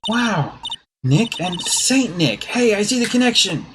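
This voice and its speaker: A woman's voice: mid-range voice, big pitch swings, a little slow, background noise, pitched above the performer's own voice. A woman voicing a cheerful, curious young female sidekick in a video game. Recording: game music behind.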